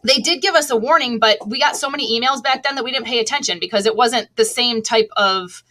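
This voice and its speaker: A woman's voice: a little high, fast talker, pushed and bright. A middle-aged woman, an online seller, talking casually as an interview guest with a chatty, laughing manner and many restarts.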